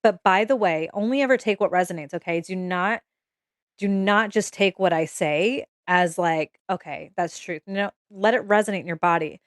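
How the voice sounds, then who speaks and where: A woman's voice: mid-range voice, normal speed, dry recording, studio quality. A young woman giving a casual, emotional tarot reading to camera, swearing freely and checking in with "okay?" as she goes. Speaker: tarot reader.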